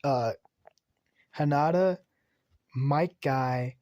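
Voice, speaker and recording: A man casually retelling an anime fan story, rambling and excitable, swearing and restarting often. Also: a little high, extremely slow, no echo, clean studio sound.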